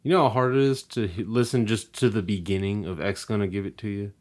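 A man's voice: on the low side, steady tone, fast. A young man in casual podcast chat, cursing freely and laughing often. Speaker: podcast co-host.

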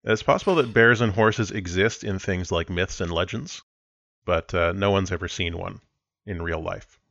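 A man running a tabletop game as game master, explaining rules in a relaxed way with frequent restarts. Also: sits low, moderate pace, creaky, no room sound, dull audio.

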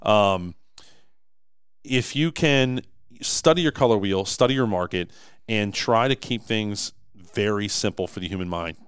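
A man's voice: fairly low pitch, unhurried, smooth, no room sound, studio quality. A man co-hosting a casual podcast, talking emphatically with many restarts. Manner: animated, emphatic, frequent restarts. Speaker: podcast co-host, business owner.

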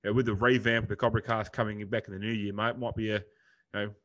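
A man's voice: on the low side, level tone, fast talker, fairly bright tone. A young Australian man co-hosting a podcast in casual chat, rambling and blokey, swearing freely. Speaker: podcast co-host.

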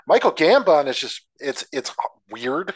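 A man's voice: fairly high pitch, big pitch swings, unhurried, breathy edge, no room sound. A man co-hosting a podcast, giving blunt, profane, sarcastic opinions on a film in casual chat. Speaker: podcast co-host.

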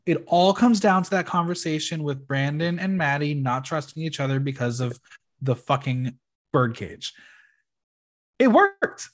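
Animated, opinionated man recapping a show. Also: fairly high pitch, a little slow. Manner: opinionated, expressive, swears freely. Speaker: podcast host recapping a reality show. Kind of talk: casual recap chat.

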